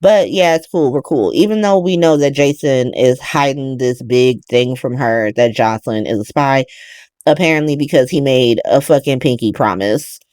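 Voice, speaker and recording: A woman hosting a podcast, chatting casually as she recaps a soap opera in an animated, profane way, laughing as she goes. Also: rumbling low, moderate pace, no room sound, clean studio sound. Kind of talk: casual chat.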